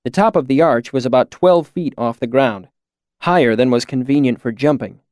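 A man reads a first-person novel aloud in a calm, measured way. His voice sits at a middle pitch and is recorded dry and close, with no room sound at all. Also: no room sound. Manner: measured, even storytelling. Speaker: audiobook narrator. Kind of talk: scripted narration.

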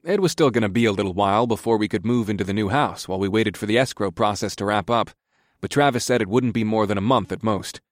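Male narrator, relaxed storytelling, low voice, dry studio sound. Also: fast, no room sound. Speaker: audiobook narrator. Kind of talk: scripted first-person narration.

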